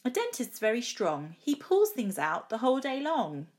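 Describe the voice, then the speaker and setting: A woman's voice: fairly high pitch, wildly swooping pitch, normal speed, voice pushed up. Woman reading as a practical outspoken mum, matter-of-fact, storybook poem.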